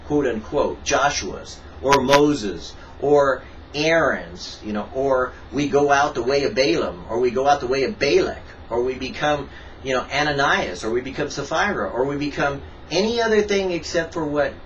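A man preaching a devotional sermon, emphatic, swinging from sudden high rises to quiet asides. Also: lively intonation, normal speed, slight background noise. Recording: distant mic, dull sound, faint ambience.

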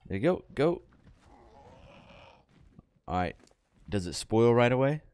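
A young adult man casually commenting on his video game as he plays, chatty and breaking into excited yells when things go wrong. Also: medium pitch, takes it slowly, clean tone, no room sound. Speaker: gaming channel host.

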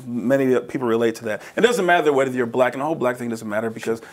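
Man, interview guest, animated storyteller, laughs a lot, acts out voices, medium pitch. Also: very fast. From New Jersey, USA. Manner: laughs often, acts out dialogue in lively voices. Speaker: roofing business owner, guest.

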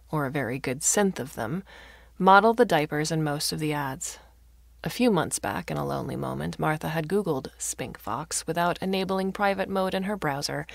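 Low, gravelly woman narrator. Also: no room sound. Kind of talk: scripted story narration.

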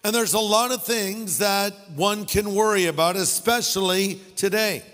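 A man's voice: high-pitched, a little slow, a bit bright, long reverb tail, faint music behind. A middle-aged male pastor preaching a sermon, telling funny stories and making wry asides. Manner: storytelling with jokes and asides. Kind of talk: humorous sermon.

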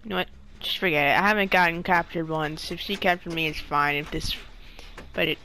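A young woman giving casual gameplay commentary to her viewers, excitable and easily frustrated. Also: lowish voice, a little fast, low-quality recording. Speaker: gaming channel creator.

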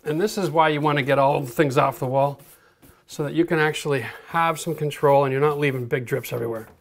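A middle-aged man teaching a hands-on painting lesson in an energetic, coaching way, checking in often with "okay?". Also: a little high, fast talker. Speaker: home renovation instructor.

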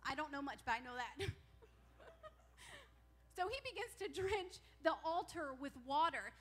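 A woman pastor with a high-pitched voice acts out the characters' lines while animatedly retelling a Bible story during her sermon in a church sanctuary.

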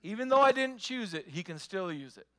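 A man with a high, bright voice preaches a sermon at an animated, fairly quick pace. In an emphatic pastor's style, he hammers his points home through repetition and rhetorical questions.

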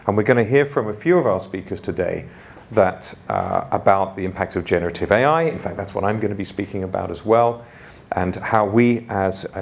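A man's voice: sits low, gravelly. A man from gives a conference opening keynote in an informal, self-deprecating way with frequent fillers. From London. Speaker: conference host and keynote speaker.

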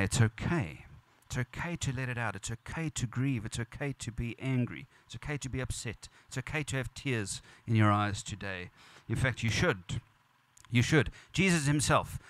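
A man's voice: mid-range voice, no echo. A man preaching at a funeral as pastor, earnest and repetitive, building emphasis. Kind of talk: funeral sermon. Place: church or funeral venue.

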